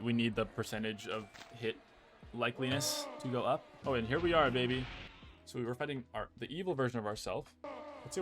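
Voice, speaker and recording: A young man from the United States giving casual, excitable commentary over a game he is playing, often exasperated. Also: medium pitch. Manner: excitable, exasperated, says "bro" a lot. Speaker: gaming video creator. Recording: game music behind the voice.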